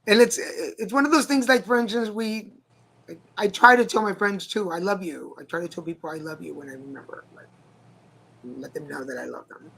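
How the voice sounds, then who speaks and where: A man co-hosting a talk show, chatting in a relaxed, soft-spoken, joking way. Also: high voice, brisk, vocal fry, slightly rough. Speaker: co-host. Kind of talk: casual chat.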